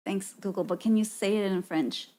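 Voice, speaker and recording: A woman's voice: medium pitch, warm tone. A woman streamer chatting casually with her audience in a playful, giggly way and trying out words aloud. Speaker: streamer host. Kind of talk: casual live-stream chat.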